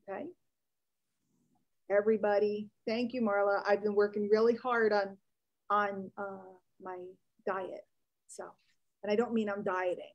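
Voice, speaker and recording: A woman business coach, giving a chatty, animated live online training. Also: mid-range voice, poor audio.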